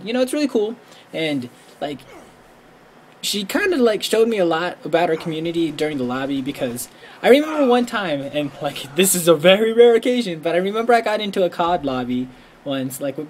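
A man giving casual gameplay commentary, rambling and excitable, leaning on "like" constantly. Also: moderate pace, slight background noise. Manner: rambling, excitable, heavy use of "like"; bursts into high squealing when quoting himself.

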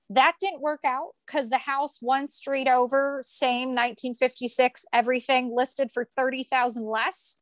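A woman's voice: high voice, steady tone, normal speed, few pauses, no echo. A young woman guest speaking earnestly about her own story in an interview, often repeating phrases for emphasis. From United States. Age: young adult. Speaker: podcast guest, author. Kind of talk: emotional personal storytelling.

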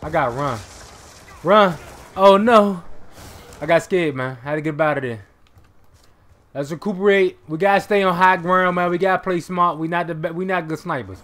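Young male gamer, live commentary; slightly high voice, excitable, curses and yells at plays. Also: moderate pace, pauses often. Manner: excitable, swears, bursts into shouts. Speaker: gaming commentator.

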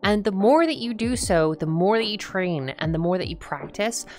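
A young adult trans woman giving a voice training lesson, explaining in a relaxed, rambling way with frequent fillers. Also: medium pitch, moderate pace, soft background music. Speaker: voice coach. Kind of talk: voice training tutorial.

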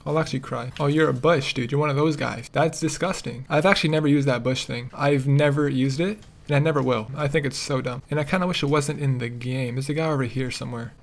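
A young man giving casual, excitable commentary while playing a shooter game, laughing and yelping often. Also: mid-range voice, fast, gravelly, few pauses. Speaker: gamer streamer.

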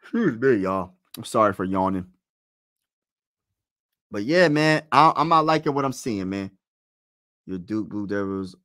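A young man giving casual fan play-by-play of a basketball game, excitable, pleading and groaning as plays unfold. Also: fairly low pitch, a little slow, long pauses, no echo, studio quality. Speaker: live play-by-play streamer.

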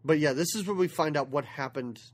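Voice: medium pitch, a little fast. A podcast co-host chatting casually about a movie, retelling scenes with laughter. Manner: animated, laughing, playful retelling. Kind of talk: casual movie review chat.

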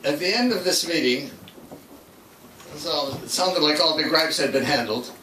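An older man gives a public talk, telling a story and acting out what its characters say. His slightly high voice sounds pushed and bright at normal speed, caught from far off in an echoey hall with slight background noise.

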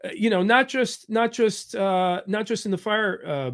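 A man's voice: sits high, moderate pace, a bit bright. A man hosting a podcast interview, joking around, laughing easily and asking blunt questions. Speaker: podcast host. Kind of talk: casual interview chat.

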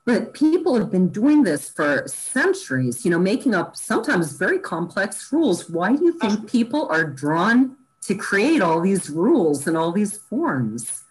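A woman's voice: mid-range voice, big pitch swings, a little slow, hardly any pauses, slightly rough, poor audio. A woman hosting a podcast, chatting casually and thinking aloud with lots of "you know"s. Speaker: podcast host. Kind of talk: casual interview chat.

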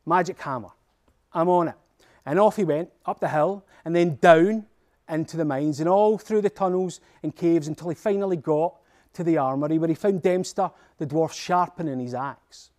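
A man with a Scottish accent telling a folktale in a playful, animated way. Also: a little high, normal speed. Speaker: storyteller. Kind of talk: folktale storytelling.

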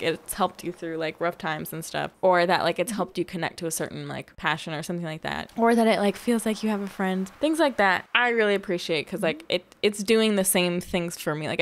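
A young woman chatting casually over a farming game she is playing, rambling and heartfelt as she talks to her viewers. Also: medium pitch. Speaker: gaming video host. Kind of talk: casual gameplay commentary.

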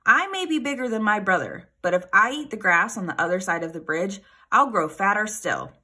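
A woman's voice: mid-range voice, lively intonation, brisk, bright, forceful tone, slightly rough, exaggerated voice. A woman voicing the middle-sized billy goat, a brave, caring male goat who speaks earnestly. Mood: determined.

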